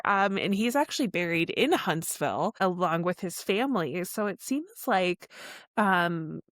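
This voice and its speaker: Woman, podcast guest, casual friendly talk, medium pitch, dry room. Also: a bit bright, dry recording. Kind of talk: casual conversation.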